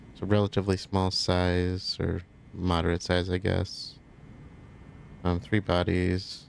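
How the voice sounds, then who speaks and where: Casting: male let's-play host, low gravelly voice, easygoing, thinks aloud while playing. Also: a little hiss or hum. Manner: relaxed, thinking aloud, chatty asides. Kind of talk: casual gameplay commentary.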